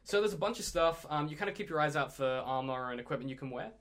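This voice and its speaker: A man's voice: on the high side, expressive, fast talker, background noise. A man running a tabletop game as game master, narrating with a loose, rambling delivery. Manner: rambling, many ums and restarts.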